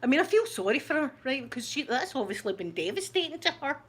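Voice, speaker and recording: A middle-aged Scottish woman, the host of her channel, telling a story in a casual chat, animated and laughing often. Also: high voice, fast talker, husky.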